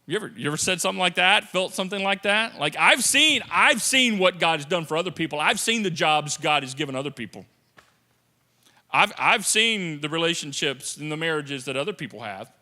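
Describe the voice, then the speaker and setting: A male pastor preaching a sermon in an animated, joking way, swinging between quiet and loud. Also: fairly high pitch, a little fast. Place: church sanctuary. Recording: reverberant church sanctuary.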